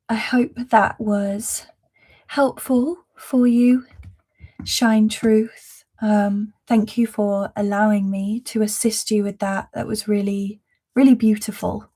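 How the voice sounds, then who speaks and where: Woman host for a live spiritual reading: gentle, affirming, unhurried, mid-pitched. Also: slightly rough. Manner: laughs softly between phrases.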